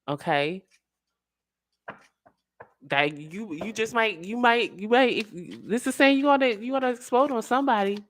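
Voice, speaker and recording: A woman giving a casual tarot reading in an animated way, full of slang, acting out the voices she quotes. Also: medium pitch, dry recording, studio quality. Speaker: tarot reader.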